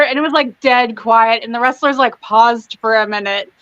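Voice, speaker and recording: A woman's voice: a little high, steady tone, a little fast, few pauses, fairly bright tone, no room sound. Teasing woman on a muffled mic. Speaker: podcast co-host. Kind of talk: casual watch-along chat.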